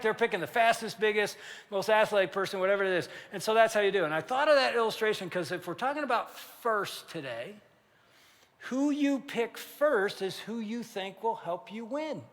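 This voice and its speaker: Older male pastor, lively storyteller, high bright voice, long hall reverb. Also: normal speed. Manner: animated, acts out quoted voices. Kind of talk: storytelling sermon. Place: large church hall.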